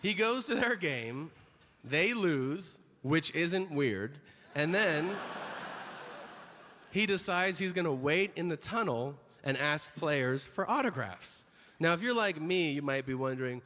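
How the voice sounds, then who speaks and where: A man's voice: a little high, takes it slowly, a little hiss or hum. A man doing stand-up comedy, telling stories and acting out the voices of people in them. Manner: animated, acts out voices in his stories. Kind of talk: stand-up storytelling. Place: comedy stage. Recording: live stage with long hall reverb, faint ambience.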